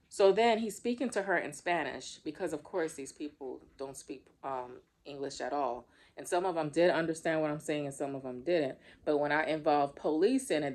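A woman vlogger telling a story to her viewers in a casual, animated, venting way. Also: low-pitched. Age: adult.

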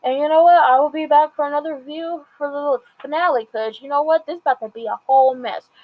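A woman's voice: sits high, fast talker, a little mellow, low-quality recording. A woman casually recapping and reviewing a TV episode, retelling scenes through quoted dialogue in a chatty way.

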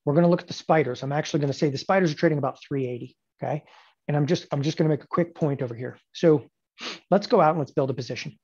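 A man in his forties teaching options trading in a lecture, emphatic and sarcastic, with animated bursts. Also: on the high side, racing, breathy edge, lo-fi sound. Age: 40s.

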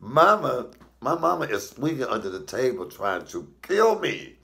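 A middle-aged male comedian telling blunt, profane stories in a casual, animated way while cooking. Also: medium pitch, normal speed, vocal fry. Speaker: comedian and cooking show host.

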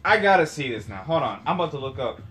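Lively man reading aloud among friends. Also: mid-range voice, faint music behind, low-quality recording. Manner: reads aloud haltingly with fillers and skips text. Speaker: podcast host. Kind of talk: casual chat, reading from a web article.

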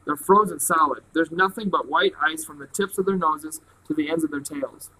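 A man reading a remorseful, excited adult hunter's lines in an earnest, slightly breathless way. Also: fairly high pitch, normal speed, breathy edge, poor audio. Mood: urgent.

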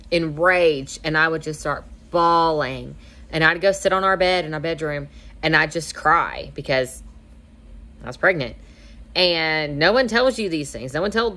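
Young woman host, lowish voice, chatty, acts out bits of dialogue. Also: fairly bright tone. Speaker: host giving marriage advice. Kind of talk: casual advice talk.

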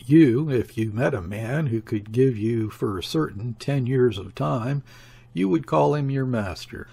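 A man doing a gruff sneering radical in an audiobook, growled retorts, gravelly, husky. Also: medium pitch, expressive, measured pace, dark tone, exaggerated voice. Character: gruff mocking male radical, Ossipon. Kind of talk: audiobook character voice.

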